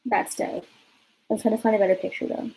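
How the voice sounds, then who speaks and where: A woman's voice: medium pitch, level tone, fairly quick, warm tone, slightly rough, poor audio. A young woman vlogging, telling a story in a blunt, chatty way and swearing freely. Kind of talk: casual storytime vlog.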